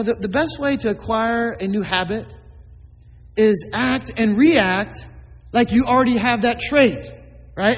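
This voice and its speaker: A man's voice: extremely high pitch, long reverb tail, rough recording. A man preaching a sermon as a pastor, emphatic, with many rhetorical questions to the congregation.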